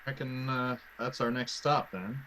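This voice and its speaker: A man's voice: mid-range voice, steady tone, a little slow, sharp tone, rough recording. A man at a tabletop game who speaks plainly and hesitates a lot. Faint ambient noise sits behind his voice. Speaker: player. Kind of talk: casual tabletop play.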